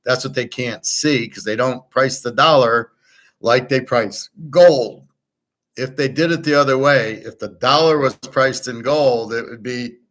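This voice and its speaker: A man's voice: medium pitch, fairly bright tone. A man hosting his own show, talking in a blunt, profane, rambling way with a Detroit accent. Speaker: show host. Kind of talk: casual monologue.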